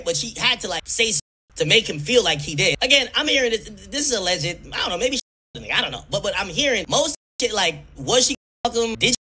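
Husky bright-voiced man spilling gossip. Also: high voice. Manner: loose, profane storytelling with stumbles. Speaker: streamer. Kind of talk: gossip commentary.

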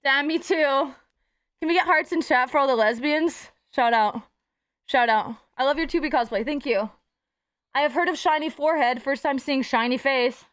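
A young woman is streaming live, her voice high and a bit bright. She chats casually with her viewers, playful and swearing freely, hopping quickly from one topic to the next.

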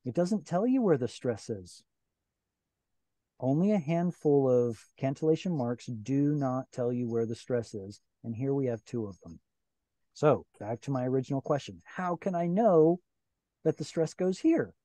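A man's voice: mid-range voice, moderate pace, warm tone, no room sound. A man teaching a Bible Hebrew class online, explaining grammar patiently and step by step with questions to his students. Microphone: video call.

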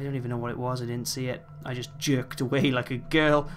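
A man's voice: mid-range voice, fairly even intonation, moderate pace, hardly any pauses, over music. A man commentating a horror game as he plays, joking, swearing and talking back to the characters on screen. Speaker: let's play host.

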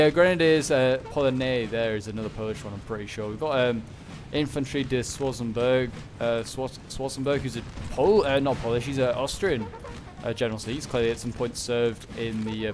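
A man giving casual, rambling commentary over a strategy game battle, with lots of fillers and restarts. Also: mid-range voice. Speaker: gameplay commentator.

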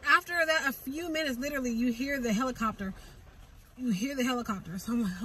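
Bright-voiced woman telling a story. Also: a little high, quick pace, distant mic, a little hiss or hum, low-quality recording. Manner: emotional, repetitive retelling with many restarts. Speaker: vlogger. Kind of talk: casual storytelling.

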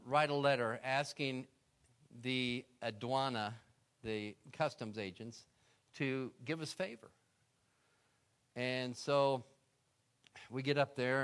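Animated man telling a sermon story. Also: mid-range voice. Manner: animated storytelling, acts out his own prayers. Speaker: guest speaker.

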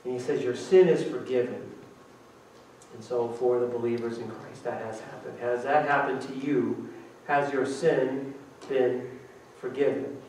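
A man preaching a sermon as pastor, lively and acting out quotes with sudden jumps in pitch. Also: measured pace, slight background noise. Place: church sanctuary. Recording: echoey church hall, mic from a distance.

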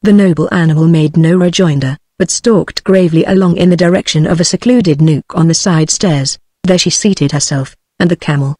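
A computer-generated woman's voice, British in accent, narrates a story evenly and with measured pacing, like an audiobook reader. The voice sits fairly low, and the recording is dry and clean, studio-made.

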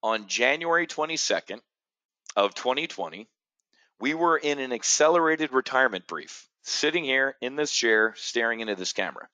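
An American trading educator delivers a live options-trading brief from his indoor studio seat, talking right into the camera with brash, boastful salesmanship. His medium-pitched voice has lively intonation and a sharp tone at normal speed, recorded dry.

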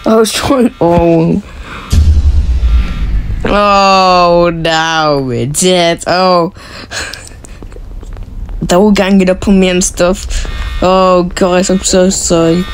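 A woman giving excitable, casual commentary while playing a horror game, yelping, laughing and talking to her teammates. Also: lowish voice, drawn-out words, long pauses, slight background noise. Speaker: gaming video creator.

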